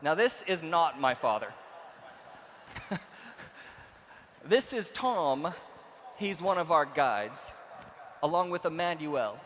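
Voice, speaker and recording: A young man giving a storytelling keynote speech to a conference audience in a large hall, going from quiet narration to shouted excitement. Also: on the high side, slow, pauses often, slight background noise. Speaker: keynote speaker. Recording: reverberant hall with faint ambience.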